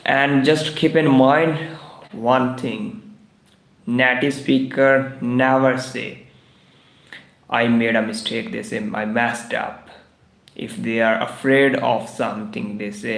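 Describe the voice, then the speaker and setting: A man's voice: mid-range voice, steady tone, slow, gravelly, a bit bright, reverberant. A man teaching English idioms on a live stream, repeating each phrase several times in broken English. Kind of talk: livestreamed English idiom lesson. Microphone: live stream microphone.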